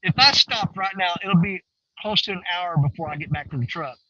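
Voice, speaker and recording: Outdoor vlogger: man, high, lively voice, bright and slightly lo-fi, folksy and rambling. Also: a little fast, a little hiss or hum. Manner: folksy, animated, swings between excited and hushed. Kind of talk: casual rambling talk to viewers. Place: outdoors on a riverbank.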